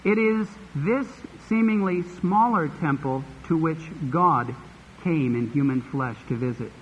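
A man's voice: a little high, measured pace. A man preaching a sermon, reading Bible verses and explaining them with folksy asides. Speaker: pastor. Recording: dull lo-fi recording with long hall reverb and faint hiss.

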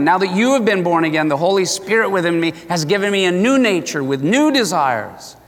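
A man's voice: high voice, animated, brisk, hardly any pauses, a bit bright. A man preaching a sermon with passion, now and then acting out the voices of the people he quotes. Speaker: pastor. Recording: reverberant hall.

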